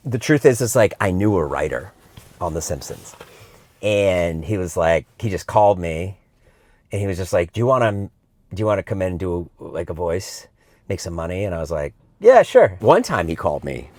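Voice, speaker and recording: A middle-aged man vlogging in a casual sit-down chat, telling stories in an animated way and slipping into quick impressions. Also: lowish voice, no echo. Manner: chatty and animated, slips into impressions. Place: indoor room.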